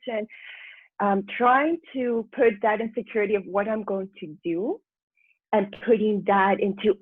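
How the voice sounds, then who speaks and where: Woman, breathy husky voice, chatty storyteller, laughs easily, phone-line sound, dry. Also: mid-range voice, a little slow, no echo. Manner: chatty, laughs easily, acts out her own past thoughts. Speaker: guest, personal transformation mentor. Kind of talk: candid storytelling interview.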